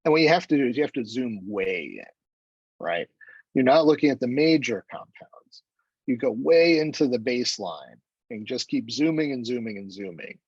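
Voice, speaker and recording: Man, chemistry lecturer, casual seminar delivery, husky tone, middle pitch. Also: moderate pace, no room sound, highs cut off. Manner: relaxed, conversational, with self-deprecating asides and fillers. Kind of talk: academic seminar talk.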